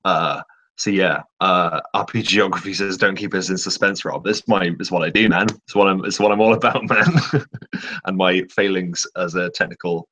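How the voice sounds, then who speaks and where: A man co-hosting a casual live-stream chat, talking in a rambling, halting way with many restarts. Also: deep voice, sharp tone. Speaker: co-host. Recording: voice cutting out over an online call.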